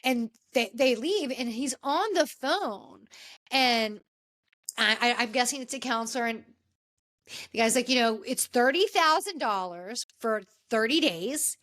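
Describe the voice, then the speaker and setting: Speaking unhurriedly with lively intonation, a podcast host delivers an indignant, emphatic recap in a casual chat. Her voice is slightly high and a bit bright, and she calls people out directly.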